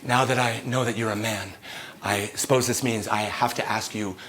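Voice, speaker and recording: A man putting on a low, hushed, coaxing voice for a pushy older male politician. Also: steady tone, moderate pace, very noisy, close to an everyday voice. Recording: live show with loud audience laughter.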